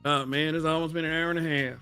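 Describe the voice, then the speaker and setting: Blunt, profane Southern man, bright voice. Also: a little high, steady tone, quick pace, clear, resonant tone, no echo, faint music behind. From American South. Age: middle-aged. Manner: profane, blunt, laughs often, talks back to chat. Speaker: livestream host. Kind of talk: casual livestream commentary.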